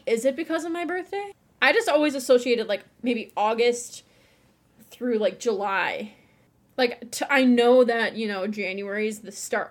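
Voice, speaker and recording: Chatty young woman. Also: a little high. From Buffalo, New York. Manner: chatty, laughing, many restarts. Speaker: podcast co-host. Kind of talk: casual chat.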